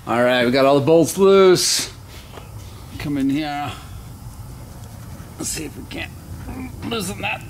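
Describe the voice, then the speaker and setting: A man's voice: on the high side, takes it slowly, pauses often, a little hiss or hum. A man casually talking through a motorcycle engine job in his workshop, rambling and chuckling as he goes. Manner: rambling, chuckling, animated when telling stories. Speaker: motorcycle shop vlogger. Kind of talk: casual shop vlog with storytelling.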